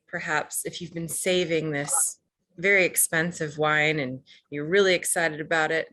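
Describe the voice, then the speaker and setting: A woman winemaker talking in a relaxed, practical way from home over a video call. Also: deep voice, no echo. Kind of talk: casual guest talk.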